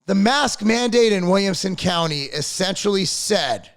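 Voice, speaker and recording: A man's voice: high-pitched, lively intonation, normal speed. A middle-aged man hosting his own channel, ranting to camera in a blunt, profane, rambling way and repeating his words. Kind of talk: casual opinion rant to camera.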